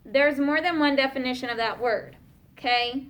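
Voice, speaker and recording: A woman teaching a class of young students, patiently asking questions and slowing down to spell out and explain words. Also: sits high, fairly bright tone.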